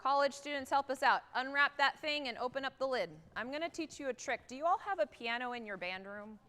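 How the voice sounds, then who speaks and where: A woman conducting a high school band rehearsal, energetic and singing rhythms aloud to demonstrate them. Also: a little fast, smooth. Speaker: guest conductor. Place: large theatre stage. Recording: reverberant hall.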